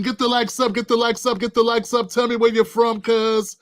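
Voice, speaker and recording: A man's voice: very high voice, steady tone, brisk, few pauses. A man hosting a casual political commentary livestream, talking straight to his viewers in a playful, riffing way.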